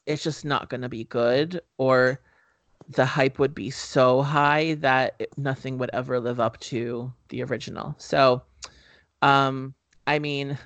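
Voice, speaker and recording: A man's voice: medium pitch, gravelly, fairly bright tone, no room sound. Rambling man on a podcast, dry sound. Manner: rambling, heavy on "um" fillers. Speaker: podcast co-host. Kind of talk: casual movie-review chat.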